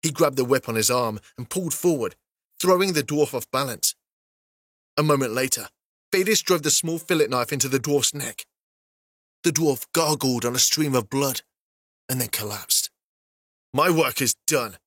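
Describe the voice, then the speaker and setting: A man narrating a fantasy story as an audiobook, steady and even. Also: mid-range voice, moderate pace, no room sound, clean studio sound.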